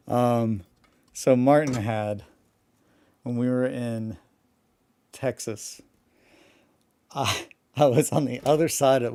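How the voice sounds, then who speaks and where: A man's voice: mid-range voice, darkish tone, no room sound. A man who has just woken up, rambling casually about his tabletop hobby, often breaking off and swearing freely. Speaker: hobby vlogger.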